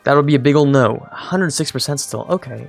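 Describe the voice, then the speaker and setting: With soft background music playing, a young man gives loose, rambling commentary while streaming a strategy game, making fun of himself and talking to his units. His voice is mid-range and creaky, at a moderate pace.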